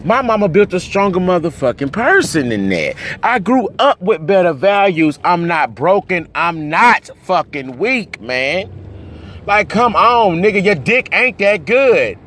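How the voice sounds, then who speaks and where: A man crying and ranting in anger and hurt, swinging between yelling and low muttering, recorded outdoors near traffic. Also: sing-song, measured pace. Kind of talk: emotional rant to camera.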